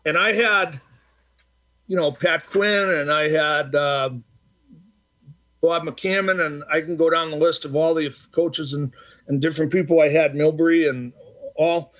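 Older storytelling man with a high voice. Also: steady tone, unhurried, pauses often, fairly bright tone. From Boston area. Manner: anecdotal, acts out quoted exchanges, frequent fillers and restarts. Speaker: retired hockey referee, guest. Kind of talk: casual storytelling interview.

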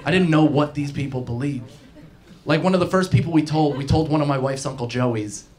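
A man in his thirties telling a stand-up story, animated and often laughing through his lines. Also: fairly high pitch, fairly quick, crowd noise. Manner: animated, laughing, mock-outraged impressions. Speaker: stand-up comedian. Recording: clip with noisy live ambience.

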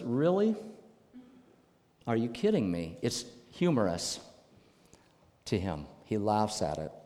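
A male pastor preaching a sermon, emphatic and animated, with sudden loud bursts. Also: mid-range voice. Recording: long reverb of a church hall.

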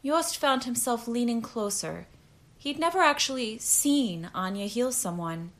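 Slow, measured woman narrator. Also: fairly high pitch, animated, a bit bright. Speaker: audiobook narrator. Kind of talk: scripted narration.

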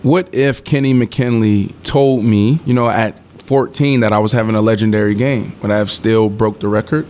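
A man's voice: fairly low pitch, normal speed, hardly any pauses. A man in his thirties, a former pro football player, telling a story in a casual interview, acting out quotes and laughing. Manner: animated storyteller who acts out quotes, swears, laughs. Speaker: former NFL wide receiver, guest.

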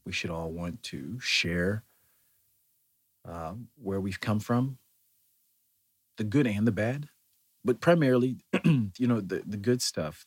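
A man's voice: sits low, husky. An American man talking in a thoughtful, meandering way, with many fillers and restarts, in a reflective solo monologue. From United States.

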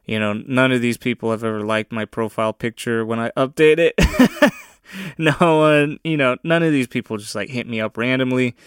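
A young man of Mexican descent ranting casually on his own, profane and often laughing, with loud bursts of emphasis. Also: medium pitch, moderate pace, clear, resonant tone, no echo, clean studio sound. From of Mexican descent, USA. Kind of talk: casual solo rant.

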